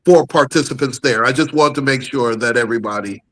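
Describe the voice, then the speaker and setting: A man's voice: medium pitch, fairly quick, fairly bright tone, rough recording. A man hosting a casual sports panel chat. He talks bluntly and laughs often. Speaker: host.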